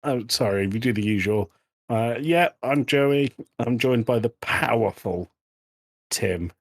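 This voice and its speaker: A man's voice: medium pitch, lively intonation, a little slow. A young man from England co-hosting a podcast, swapping jokes and teasing in loose casual banter. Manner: jokey, teasing, swears casually. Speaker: podcast co-host.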